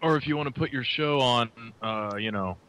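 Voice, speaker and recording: A man's voice: medium pitch, a little fast, fairly bright tone, poor audio. A man co-hosting a casual live-streamed chat, playful and goofy.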